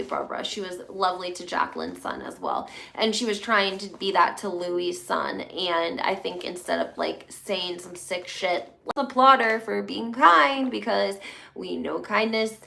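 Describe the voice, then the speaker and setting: A woman's voice: mid-range voice, creaky, pushed and bright. A woman hosting a casual reality TV gossip chat, talking in a rambling way with many fillers. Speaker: host.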